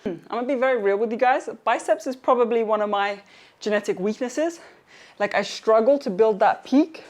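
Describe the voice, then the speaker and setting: A woman's voice: fairly high pitch, fairly quick. A young woman fitness vlogger chats through her home workout, upbeat and encouraging. She teases herself lightly and talks to her viewers like friends. Part of the session is recorded outdoors. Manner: chatty, upbeat, encouraging, self-teasing. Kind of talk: casual motivational workout vlog.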